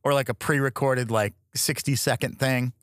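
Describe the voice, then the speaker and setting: A man co-hosting a radio show, joking sarcastically and laughing through quick rants. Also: mid-range voice, steady tone, dry recording, studio quality. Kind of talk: casual radio banter.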